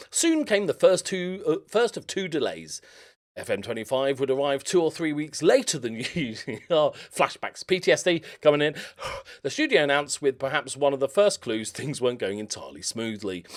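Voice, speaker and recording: A male gaming YouTuber reading a news article aloud and stopping to joke and laugh about it in a chatty reaction commentary. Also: medium pitch. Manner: chatty, breaks off to joke and laugh between read passages.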